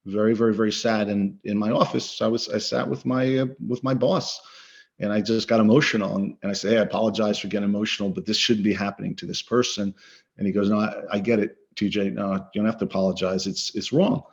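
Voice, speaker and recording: A man's voice: fairly low pitch, flat delivery, quick pace, creaky. Earnest, emphatic man on a video call. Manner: earnest, emphatic, repeats words for stress. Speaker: coach and guest speaker. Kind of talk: interview conversation. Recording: slightly dull lo-fi audio.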